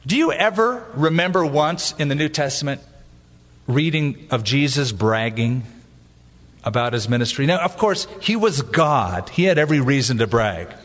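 Animated male preacher in a reverberant hall. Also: mid-range voice, moderate pace. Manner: animated, jokey preaching with acted-out asides. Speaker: pastor. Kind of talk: sermon.

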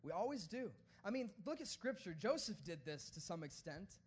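A male preacher with a notably high, light voice delivers his sermon casually and animatedly, moving from playful asides to hushed, earnest pleas without ever becoming formal. He speaks at normal speed, with slight background noise.

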